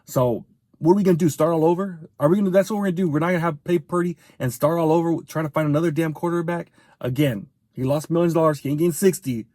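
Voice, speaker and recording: Man commentator, angry fan rant, swears a lot, slightly high voice, dry close sound. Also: a little mellow, dry recording. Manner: profane, fired-up, rapid-fire venting.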